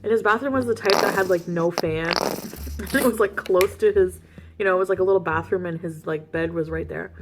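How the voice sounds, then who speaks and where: A woman's voice: on the low side, a little fast, a little hiss or hum. A woman vlogger telling a story in casual, frank chat, laughing often and saying "like" a lot. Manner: chatty, laughs often, heavy use of "like"; frank and animated retelling.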